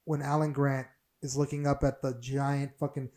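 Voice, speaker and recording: A man co-hosting a casual film podcast, talking in an excitable, rambling way and swearing often. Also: medium pitch, moderate pace. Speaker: podcast co-host.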